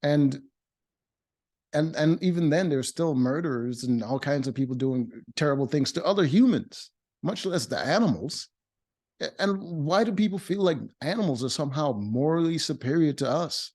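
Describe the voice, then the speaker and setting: Mellow-voiced man recapping a reality show. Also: on the high side, animated, moderate pace. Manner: blunt and opinionated, many fillers and restarts. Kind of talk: casual recap commentary.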